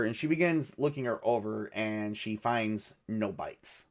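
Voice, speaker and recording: A man narrating a solo tabletop game, rolling dice and thinking aloud in a halting way with many fillers. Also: lowish voice. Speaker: game master.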